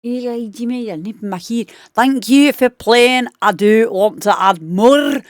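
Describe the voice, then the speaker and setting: A woman's voice: a little high, a little slow, no room sound, clean studio sound, pitched above the performer's own voice, close to an everyday voice. A woman putting on a playful, exaggerated Scottish accent to voice a chatty Scottish man. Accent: mock Scottish.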